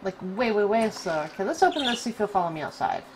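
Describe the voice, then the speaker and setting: A woman hosting casual gameplay commentary, chatty and excitable, cooing fondly at her in-game pet. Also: medium pitch, fast, slight background noise, rough recording. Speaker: gaming channel host.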